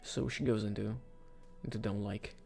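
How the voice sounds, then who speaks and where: A man giving casual, rambling commentary for a video, with sudden excited outbursts. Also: on the low side, moderate pace, gravelly, faint music behind. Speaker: video creator. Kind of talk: casual commentary ranking game characters.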